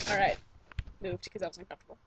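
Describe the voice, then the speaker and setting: Using her computer's webcam mic at home, a young woman vlogs casually, gushing, swearing, and interrupting herself as she rambles. Her voice is fairly low in pitch. A noisy background is heard behind her.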